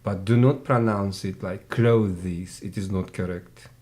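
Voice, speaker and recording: A man's voice: fairly low pitch, moderate pace, darkish tone. A man tutoring English one-on-one, patiently drilling pronunciation by repeating sounds. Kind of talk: one-on-one language lesson.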